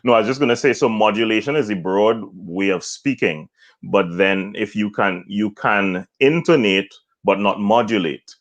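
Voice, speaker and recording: A man from Trinidad speaks with a very low, deep voice as an interview guest. He explains things patiently and step by step, like a voice coach teaching a lesson. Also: normal speed. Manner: explanatory, demonstrates points with acted examples.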